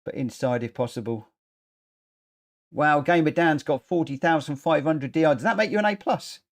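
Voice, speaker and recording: Guy streaming a racing game, fairly high voice, rambling at himself, mocking his own bad driving. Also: moderate pace. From United Kingdom. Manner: self-deprecating, chatty, talks to himself while racing. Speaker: gaming streamer. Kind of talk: casual live-stream chat. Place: home gaming setup, indoors.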